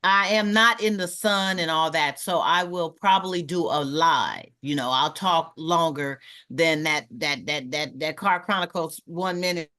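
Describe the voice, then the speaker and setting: Bright-voiced woman hosting a casual chat. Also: sits low, unhurried, few pauses. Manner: lively, acts out what others say in quoted voices. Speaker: host of a talk show panel.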